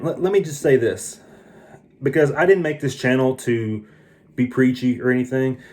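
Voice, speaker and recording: A man's voice: medium pitch, darkish tone. A tired man talking through a casual movie review, earnest and opinionated, often restarting his sentences. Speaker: film reviewer.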